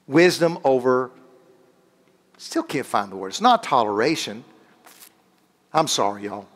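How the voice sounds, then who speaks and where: A man preaching, animated, stopping to search for words and drawing answers from the congregation. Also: mid-range voice, measured pace. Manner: animated, call-and-response with congregation; rambling, restarts and searches for words. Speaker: guest preacher. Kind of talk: sermon.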